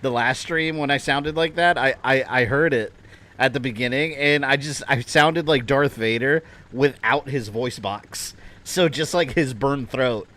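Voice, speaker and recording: A man's voice: medium pitch, a little slow, bright, forceful tone. A man chatting casually at his home desk while livestreaming a game, rambling and joking at his own expense. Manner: chatty, rambling, self-deprecating. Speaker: game streamer.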